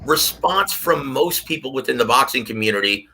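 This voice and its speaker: A man giving his take on a boxing panel, telling stories and acting out quotes in a lively way. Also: mid-range voice, normal speed, slight background noise. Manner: animated storyteller, acts out quotes. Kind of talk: casual panel commentary.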